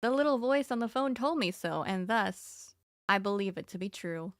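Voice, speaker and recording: A woman's voice: medium pitch, expressive, moderate pace, dry recording, studio quality. A young woman streaming a horror game, chatting casually and getting flustered, laughing often. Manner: giggly, flustered, talks to the game. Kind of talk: casual let's-play commentary.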